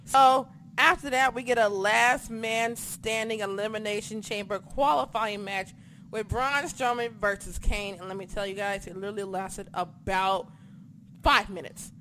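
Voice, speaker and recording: Host type: lively, foul-mouthed recap talker who yelps out their reactions, faint hiss behind. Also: mid-range voice, normal speed. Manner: excitable, swears, acts out reactions. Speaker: podcast co-host. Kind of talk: casual wrestling recap chat.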